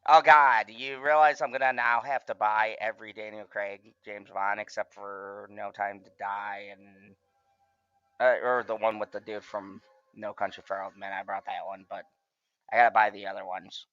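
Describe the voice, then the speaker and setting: Excitable, foul-mouthed man hosting a watch-along. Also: on the low side, normal speed, dry recording, lo-fi sound. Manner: excitable, gushing and heavily profane. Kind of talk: casual chat.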